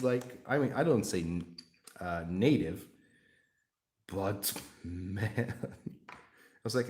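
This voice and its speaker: A man's voice: on the low side, darkish tone. A man from Hungary with a Hungarian accent, hosting a casual livestream chat and talking in an outspoken, rambling way. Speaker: livestream host.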